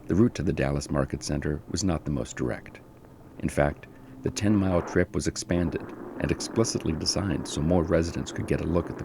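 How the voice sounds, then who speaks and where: A man narrating a history podcast in a measured, solemn scripted style. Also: very deep voice, creaky, noisy background.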